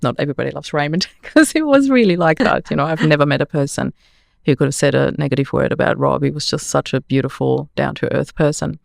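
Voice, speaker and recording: A woman's voice: low voice, creaky, a little mellow, no room sound, studio quality. A woman in her forties, a podcast guest earnestly recounting a personal story with many "you know"s.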